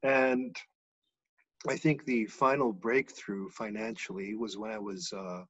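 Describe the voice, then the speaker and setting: A man telling a personal story in a relaxed, chuckling way, heard over a muffled video call. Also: fairly low pitch, measured pace. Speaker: guest author. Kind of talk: casual storytelling.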